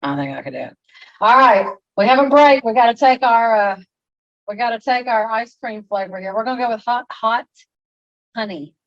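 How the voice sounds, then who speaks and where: A woman hosting a casual podcast chat, chatty and quick to laugh. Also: a little high, expressive, dry recording, lo-fi sound. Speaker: podcast host. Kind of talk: casual chat, taste-testing.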